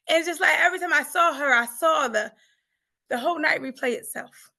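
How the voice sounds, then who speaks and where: A woman's voice: high voice, fairly quick, vocal fry, bright, forceful tone. A woman speaking as an interview guest and coach, giving an emotional personal testimony in an earnest, emphatic way that often breaks into laughter.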